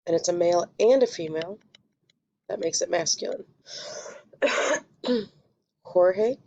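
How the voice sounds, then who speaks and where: A woman teaching a Spanish lesson, explaining step by step in a patient way and quickly correcting her own slips. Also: fairly low pitch, darkish tone. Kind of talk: recorded classroom lesson.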